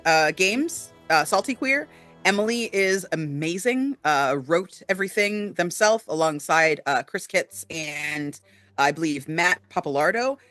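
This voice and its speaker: Guy cohosting a chat show, kinda high bright voice, lots of ums, earnest. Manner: earnest, many fillers, warm shout-outs. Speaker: co-host. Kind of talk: casual chat.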